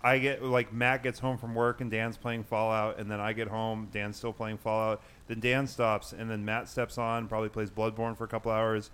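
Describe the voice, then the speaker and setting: A man's voice: fairly low pitch, flat delivery, normal speed, few pauses, fairly bright tone, clear, resonant tone. A man hosting a casual podcast, chatting and rambling about video games with friends, laughing often. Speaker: podcast host. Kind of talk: casual gaming chat among friends.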